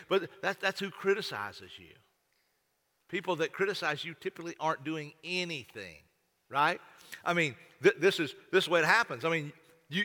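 Folksy preacher with a bright voice. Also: male voice, on the high side. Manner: folksy, repetitive, stammering restarts. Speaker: pastor. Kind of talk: sermon. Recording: long hall reverb.

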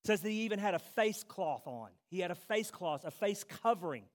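A pastor preaching a sermon to his congregation, repeating key phrases for emphasis and dropping soft and low before rising to loud cries. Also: expressive, brisk.

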